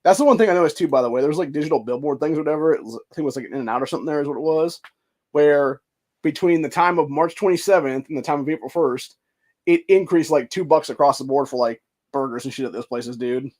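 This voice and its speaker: A man's voice: on the high side, fast talker, a little mellow. A man from Ohio hosting a podcast, ranting heatedly and swearing constantly while reading news and comments aloud. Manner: profane, heated, swears constantly and says dude. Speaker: podcast host.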